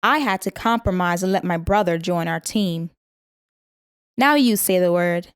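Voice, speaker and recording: A woman reading a vocabulary lesson, saying each word, its part of speech, its meaning and an example sentence, and pausing for the listener to repeat it. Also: lowish voice, clear, resonant tone, dry recording, clean studio sound. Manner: slow, careful word-by-word pronunciation. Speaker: vocabulary teacher.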